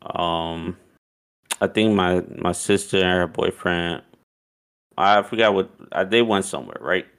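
A man casually telling a long personal story, animated and profane, acting out what people said. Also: low voice, measured pace, vocal fry, clean tone. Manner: animated, profane, acts out quotes with laughs.

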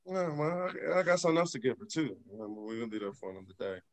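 A man's voice: mid-range voice, very animated, racing. A young man hosting a casual podcast, talking animatedly with theatrical protests and indignation. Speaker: podcast host.

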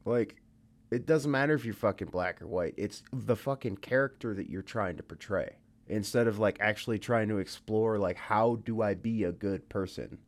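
A man's voice: lowish voice, moderate pace. A tired man co-hosting a casual podcast. He swears freely and fills his talk with "dude" and "like.". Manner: profane, says "dude" and "like" a lot. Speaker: podcast co-host. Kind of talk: casual chat.

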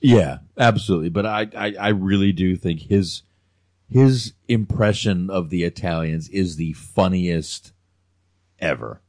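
A man chatting casually as podcast co-host, halting and repeating words, with some profanity. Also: low-pitched, darkish tone, dry recording, clean studio sound. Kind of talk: casual chat.

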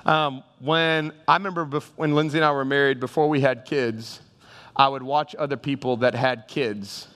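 A man's voice: medium pitch, steady tone, moderate pace, fairly bright tone. A male pastor preaching a sermon with humor, calling out to his congregation. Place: church sanctuary. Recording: reverberant church hall.

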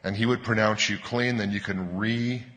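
Bright-voiced preacher in a reverberant hall. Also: male voice, fairly low pitch, steady tone. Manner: earnest, explanatory, with emphatic rises and slowed stresses. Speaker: pastor. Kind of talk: sermon.

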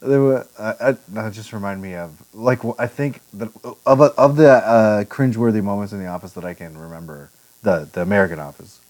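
This man's lowish voice moves a little fast as he co-hosts a relaxed podcast, rambling from story to story. His lively retellings feature put-on quotes and plenty of laughter.

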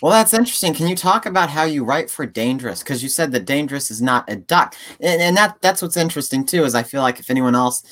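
A man's voice: on the high side, lively intonation, fast, few pauses, a bit bright. A young man hosting a casual interview, eager and encouraging toward his guest. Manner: eager and encouraging, frequent backchannel. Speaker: host.

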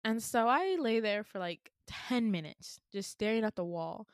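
A woman telling a dream story on a podcast, sarcastic and quick to laugh. Her pitch swings widely as she acts things out, and her voice sounds dry and close to the mic. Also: smooth, no echo. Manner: animated, sarcastic, laughs often. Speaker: podcast host.

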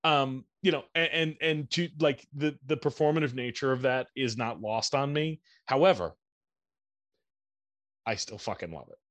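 A man's voice: medium pitch, normal speed, fairly bright tone, no room sound. Man, podcast co-host, casual chat, rambling, candid, dry close sound. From United States. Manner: candid, self-deprecating, rambling with profanity.

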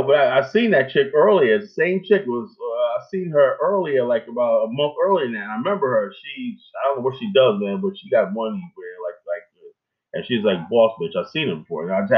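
Male host, rambling profane rant, phone-line sound, mid-pitched voice. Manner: rambling, emphatic, full of filler tags.

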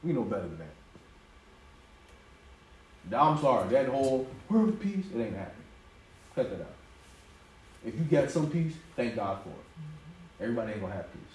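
A man preaching a conversational sermon, lively and quick to laugh, acting out the voices he quotes. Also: mid-range voice, slight background noise. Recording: roomy echo from a distance, faint ambience.

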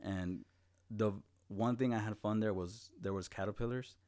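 Low-voiced young man telling profane stories. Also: fairly even intonation, normal speed, a little mellow. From Los Angeles. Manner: profane, laid-back storytelling with acted-out quotes. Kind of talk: casual chat.

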